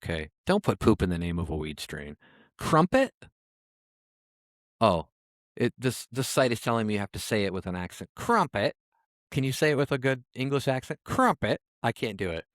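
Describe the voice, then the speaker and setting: A man's voice: lowish voice, big pitch swings, fairly quick, no echo, clean studio sound. A man co-hosting a podcast in casual chat, reading out odd names and adding wry asides. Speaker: podcast co-host.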